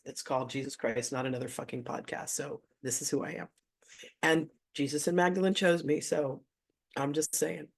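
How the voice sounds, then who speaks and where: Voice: mid-range voice, creaky, a little mellow. An effusive host of an online spiritual gathering tells a story in a loose, conversational way. The voice sits in a middle register. The host chuckles often and lets the odd swear word slip. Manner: effusive, gushing, cusses casually. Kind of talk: casual storytelling to an online audience.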